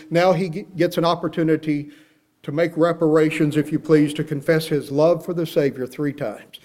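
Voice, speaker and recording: A preacher delivering a sermon in a somewhat high-pitched male voice. He tells the story with energy and acts out each quoted line himself. Now and then he turns to the congregation with a direct question. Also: moderate pace, darkish tone. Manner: storytelling, acting out the quoted speech; asks the listeners direct questions.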